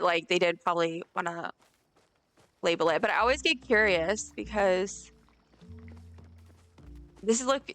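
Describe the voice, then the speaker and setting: Bright, chatty woman streamer. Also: mid-range voice. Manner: effusive, chatty, reads chat aloud. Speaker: livestreamer. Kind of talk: casual live-stream chat while gaming. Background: faint game music.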